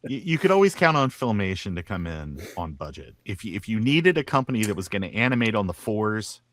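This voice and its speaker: A man hosting a casual interview, joking and quickly agreeing with his guest. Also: lowish voice, sing-song. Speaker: host.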